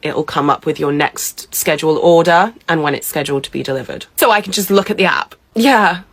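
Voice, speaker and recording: A woman voicing a weary female customer service worker, politely patient with a deadpan, sarcastic edge. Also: low voice, a little fast.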